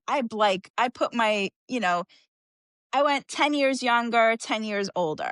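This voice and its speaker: A woman's voice: fairly high pitch, measured pace, a bit bright, clean tone, no echo. Chatty woman, casual podcast host. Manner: chatty, filler-heavy, frequent "like". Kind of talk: casual chat.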